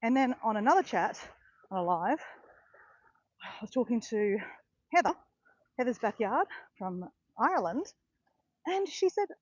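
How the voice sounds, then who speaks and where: A woman chatting excitedly to live viewers on a phone while walking outdoors on a beach. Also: a little high, unhurried, long pauses, no echo. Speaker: walking vlogger on a live stream. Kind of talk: casual chat to live viewers. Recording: dull lo-fi phone audio.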